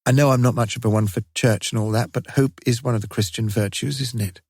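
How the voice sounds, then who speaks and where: A man's voice: mid-range voice, steady tone, fast, darkish tone, no echo, studio quality, voice pushed up, natural voice. A man voicing a remorseful teenage son who talks in a pleading way.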